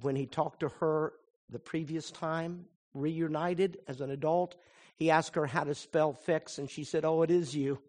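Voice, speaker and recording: A male pastor tells a story from the pulpit in a voice pitched a bit above the usual for a man. He acts out the people in his tale with lively swings of loudness, then settles into a quiet, earnest tone to drive home his point. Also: unhurried. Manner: animated storyteller who acts out quoted voices; drops to a soft, earnest tone for the application. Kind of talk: sermon storytelling.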